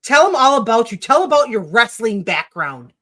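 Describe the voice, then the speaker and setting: A woman's voice: fairly high pitch, sing-song, a little fast, fairly bright tone. A woman hosting a casual livestream chat, talking loosely and offhand with guests and laughing easily. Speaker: livestream host.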